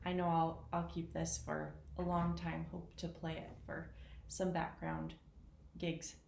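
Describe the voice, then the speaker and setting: A woman talking casually through how she practices a piano piece, chatty and self-deprecating, counting rhythms out loud. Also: low-pitched, flat delivery, unhurried, creaky, a little hiss or hum. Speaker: piano teacher. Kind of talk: casual piano lesson vlog. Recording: echoey room with piano. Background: piano playing.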